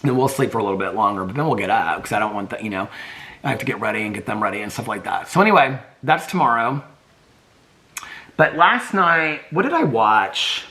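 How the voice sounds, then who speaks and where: A man chats casually at home in a daily vlog, rambling from one thought to the next. His voice is bright and forward, and his pitch swings a lot. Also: lively intonation, a little fast. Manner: chatty, rambling, baby-talks to his dogs. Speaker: vlogger. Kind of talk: casual chat.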